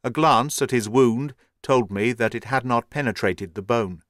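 A man's voice: medium pitch, a little slow, no echo. Man narrating a classic story, dry sound. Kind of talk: audiobook narration.

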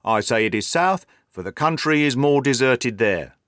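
A man's voice: mid-range voice, lively intonation, moderate pace, fairly bright tone, no echo, clean studio sound, lightly acted. A man reading the lines of a hearty, self-assured police inspector in a storybook. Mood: brisk.

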